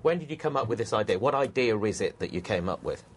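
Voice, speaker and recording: A man hosting a panel discussion, putting brisk, informal questions to his guests. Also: on the low side, expressive, slightly rough. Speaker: host.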